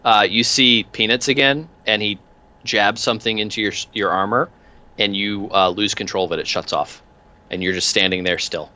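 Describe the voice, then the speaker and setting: A man's voice: fairly low pitch, fairly even intonation, moderate pace, pushed and bright. A man narrating as game master in a tabletop game, rambling with many fillers and restarts.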